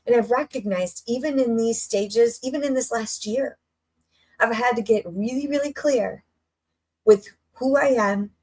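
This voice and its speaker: A middle-aged woman coach giving an energetic, conversational motivational talk, full of rhetorical questions and repetition. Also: fairly high pitch, a little slow.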